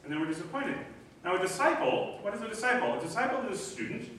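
Middle-aged male pastor, animated sermon delivery, slightly high voice, distant echoey hall with faint hiss. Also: fast. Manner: animated, acts out voices in quoted dialogue. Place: church hall.

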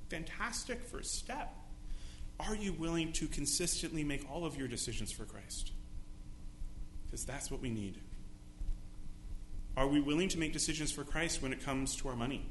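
A man preaches in an echoey church, his fairly high, bright voice carrying over a faint hum. He delivers a sermon, acting out little scenes in different voices to make his point. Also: expressive, moderate pace, pauses often. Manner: preaching with dramatic acted-out quotes. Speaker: pastor. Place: church sanctuary.

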